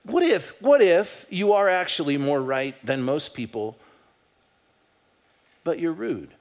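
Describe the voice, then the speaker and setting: A man's voice: on the high side, slow. A man preaching a sermon as pastor, talking in a conversational way and acting out the voices in his stories. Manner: animated, conversational, acts out quoted voices. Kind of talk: sermon with storytelling. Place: church sanctuary.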